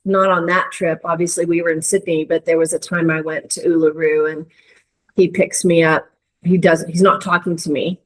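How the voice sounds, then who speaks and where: A woman's voice: fairly low pitch, rough recording. Earnest woman telling a reflective story. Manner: earnest, searching, lots of hedges and restarts. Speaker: interview guest.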